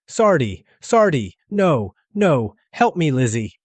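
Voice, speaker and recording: A man's voice: a little high, big pitch swings, takes it slowly, slightly rough, no room sound, pitched above the performer's own voice, full character voice. A man doing a distraught, pleading farm mother. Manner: crying, pleading.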